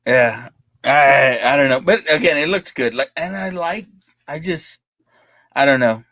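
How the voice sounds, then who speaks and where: A man's voice: mid-range voice, measured pace, a bit bright, no echo. Laughing, cursing podcast co-host man. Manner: laughs often, swears freely, lots of likes and restarts. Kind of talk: casual chat.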